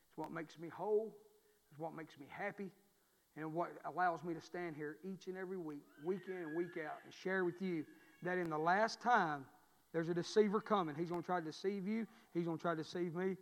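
Preacher, high voice, church reverb. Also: male voice. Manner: emphatic, folksy, repeats phrases for emphasis. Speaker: pastor. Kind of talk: preaching a sermon. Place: church sanctuary. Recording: long reverb of a church hall.

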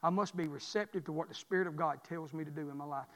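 A man preaching a revival sermon, building from quiet talk to shouting and calling for amens. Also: on the high side, fast talker. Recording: reverberant church hall.

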